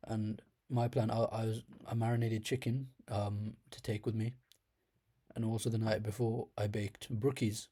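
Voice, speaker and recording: Young guy w a slight lisp, mellow easygoing voice, rambling thru a funny story. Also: lowish voice, level tone, moderate pace, breathy edge. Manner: rambling, laughs at his own stories. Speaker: storyteller host. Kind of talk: casual comedic storytelling.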